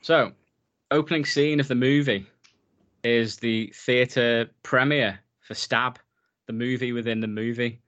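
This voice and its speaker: A man's voice: medium pitch, steady tone, measured pace, a bit bright, muffled recording. A man in his thirties co-hosting a casual film podcast, enthusiastic and rambling with lots of fillers. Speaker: podcast co-host.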